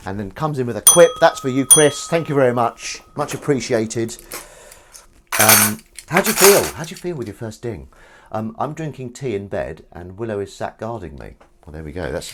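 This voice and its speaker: Playful English man chatting over clattering dishes. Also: on the low side. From England. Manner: playful, rambling, punning with viewers. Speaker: livestream host reading chat. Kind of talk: casual chat while washing up. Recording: dish clatter and noise behind. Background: clattering dishes and cutlery.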